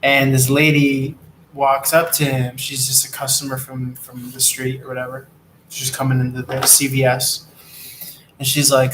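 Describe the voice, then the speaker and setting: A man's voice: mid-range voice, completely flat delivery, normal speed, a bit bright, low-quality recording. A man giving a rambling, profane, streetwise spiritual monologue while riding an e-scooter in traffic. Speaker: tarot reader and delivery rider.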